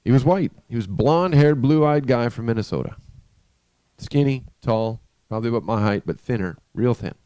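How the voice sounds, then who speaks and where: A man preaching in a church, telling a story in a conversational, halting way with frequent restarts. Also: mid-range voice, warm tone, clear, resonant tone, no room sound. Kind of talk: storytelling sermon.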